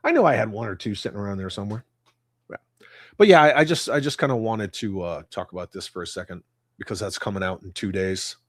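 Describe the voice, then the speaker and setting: A middle-aged man with a fairly low voice hosts a casual livestream, reading out viewer comments. He rants bluntly and swears freely. His voice sounds dry and close. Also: expressive, quick pace, no echo. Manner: blunt and profane, ranting. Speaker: livestream host.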